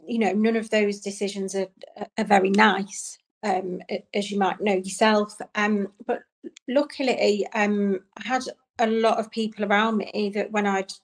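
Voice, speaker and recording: Soft-spoken woman, flat and halting. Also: mid-range voice. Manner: soft, halting, with many ums and restarts. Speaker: interview guest. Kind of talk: personal storytelling in an interview.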